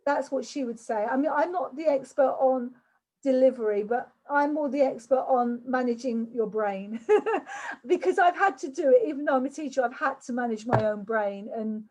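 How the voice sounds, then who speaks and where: Speaking over a video call in a poorly recorded clip, an older woman from England leads a chatty online workshop. Her voice sits high and sounds mellow, and she often restarts and repeats words.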